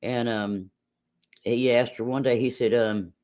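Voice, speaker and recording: A woman's voice: a bass voice, steady tone, unhurried, a little mellow. A middle-aged woman chatting casually with viewers on a livestream, telling stories and laughing often.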